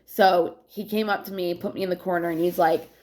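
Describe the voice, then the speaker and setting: A woman's voice: on the low side, steady tone, fairly quick, a little mellow. A woman in her thirties from New England, telling stories from her past in a frank, rambling, profane way, drifting from one story to the next. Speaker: vlogger. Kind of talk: casual storytelling monologue.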